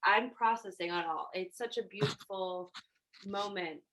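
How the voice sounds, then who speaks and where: A woman's voice: mid-range voice, measured pace, a bit bright. A woman hosting a podcast, talking in a casual, gushing and effusive way. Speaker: podcast host. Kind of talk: casual chat.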